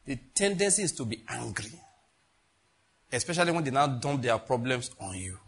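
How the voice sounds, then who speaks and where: Husky pastor preaching emphatically. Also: male voice, mid-range voice, big pitch swings, normal speed. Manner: emphatic preaching, repeats phrases, swings between loud and hushed. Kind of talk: sermon.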